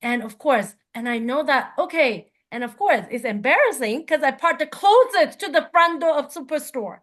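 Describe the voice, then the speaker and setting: A woman who teaches qigong, telling a personal story in an animated way and sinking into a soft, calm tone when describing calming down. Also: high-pitched, moderate pace.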